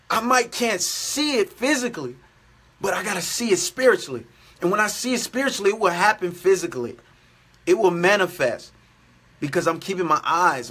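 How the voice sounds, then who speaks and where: A man's voice: sits high, sharp tone, husky. A man preaching a daily devotional sermon, earnest and repetitive in his exhortations.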